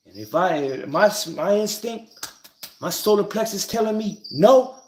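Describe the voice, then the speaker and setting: A man teaching about spiritual ideas in a casual, rambling monologue, swearing freely, restarting sentences, and getting loud and excited when he makes a point. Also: high-pitched, unhurried. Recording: echoey, with bird and cricket noise.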